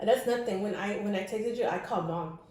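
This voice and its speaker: A woman's voice: medium pitch, a little fast, darkish tone, heavy reverb, distant mic. A woman co-hosting a podcast, telling a personal story in casual chat and switching between English and Spanish. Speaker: podcast co-host.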